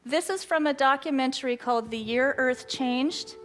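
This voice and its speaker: A middle-aged woman giving an earnest, excitable talk at a church, telling stories from her own life. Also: high voice, normal speed, soft background music. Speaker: guest speaker.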